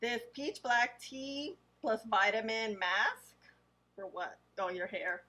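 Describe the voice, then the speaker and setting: A woman beauty vlogger talking casually, reading product names aloud slowly and adding chatty asides. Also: on the high side, sharp tone, rough recording. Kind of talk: casual haul unboxing.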